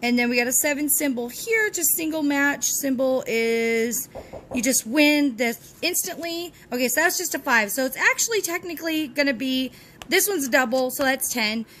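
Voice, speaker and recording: A Texas woman runs a lottery scratch-off channel from home, dogs nearby, and cheers on each ticket as she scratches, chanting encouragement to herself. Her high, bright voice swings widely in pitch, animated and moderately paced, chatty and cheerful toward viewers over a faint hum.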